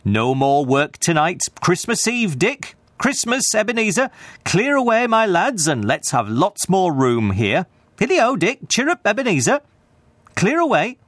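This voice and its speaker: A man's voice: very animated, unhurried, fairly bright tone, dry recording, heavily acted. A man voicing a jovial, generous old male employer who calls out merrily. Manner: booming and merry calls.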